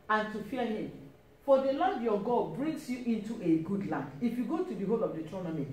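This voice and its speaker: In a church hall, a woman with a warm, mid-range voice delivers an emphatic sermon, repeating her key phrases and frequently calling out praise. The mic sits at a distance, giving an echoey sound with faint hiss.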